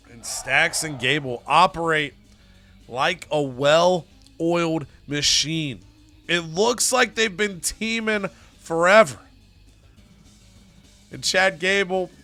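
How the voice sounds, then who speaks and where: A man's voice: fairly high pitch, bright, forceful tone. A man casually and playfully recapping events from a wrestling video game season.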